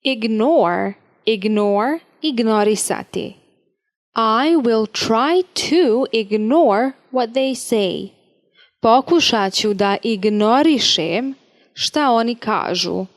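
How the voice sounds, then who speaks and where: A woman teacher reading a vocabulary drill, saying each word and example sentence slowly and deliberately, with careful enunciation. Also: a little high, lively intonation. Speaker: language teacher.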